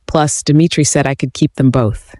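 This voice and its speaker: A man reading a first-person fantasy story aloud in an even, steady narration. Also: mid-range voice, moderate pace, dry recording, studio quality.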